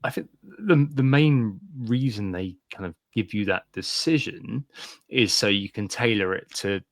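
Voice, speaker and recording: Co-host: man, low gravelly voice, dry close mic, halting chatter. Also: dry recording. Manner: hesitant, many ums and restarts. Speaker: podcast co-host. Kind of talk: casual chat.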